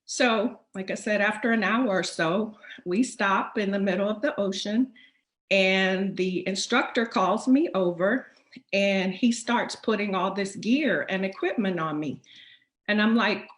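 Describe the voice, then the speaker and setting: Woman host, emphatic storyteller, mid-pitched, echoey room. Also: a little slow. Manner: animated, emphatic retelling. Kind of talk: personal storytelling. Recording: roomy echo.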